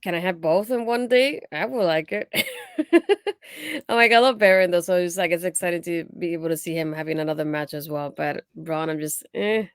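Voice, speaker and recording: Female co-host, low voice, dry close sound, quick laughing asides. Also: expressive, clear, resonant tone, no echo. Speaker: podcast co-host. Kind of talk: casual wrestling chat.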